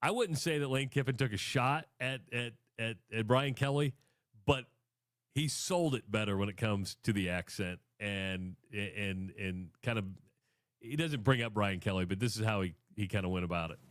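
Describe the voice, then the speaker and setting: A man co-hosting a sports radio show, chatting in a measured, conversational way. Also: lowish voice, no echo, clean studio sound. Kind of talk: casual sports talk. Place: radio studio.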